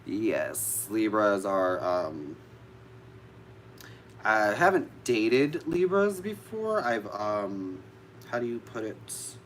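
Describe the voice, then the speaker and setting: A man's voice: lowish voice, very animated, drawn-out words, slight background noise. A man vlogging casually to live viewers about witchcraft, chatty and easily sidetracked, swearing now and then.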